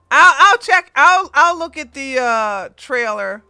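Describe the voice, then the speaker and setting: A woman hosting a casual commentary livestream, chatty and animated, laughing as she reacts. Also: sits high, slow, no room sound, clean studio sound, faint music behind. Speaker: livestream host.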